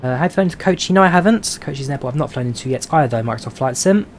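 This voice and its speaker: A man's voice: mid-range voice, lively intonation, racing, slight background noise. A man with a London accent chatting casually on a live stream, reading out viewer questions and answering them with plenty of filler "uh"s. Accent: London English. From London, England. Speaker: flight sim streamer. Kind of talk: casual live-stream chat while flying a simulator.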